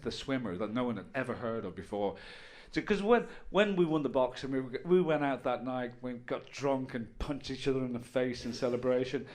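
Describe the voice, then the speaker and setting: A man in his fifties with an Irish accent, performing a stand-up comedy routine with wry, rambling storytelling and playful asides. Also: medium pitch. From Ireland. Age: 50s.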